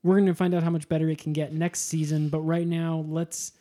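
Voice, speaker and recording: Podcast co-host, male, mellow dark tone, rambling comedic delivery. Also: a little high, brisk. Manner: rambling, animated, swears freely.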